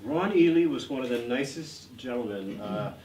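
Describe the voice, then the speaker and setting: A man's voice: mid-range voice, lively intonation, normal speed, background noise. Older man, actor guest, rambling anecdotes, many fillers, roomy gallery echo, distant mic. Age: 60s. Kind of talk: anecdotal interview storytelling. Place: art gallery event.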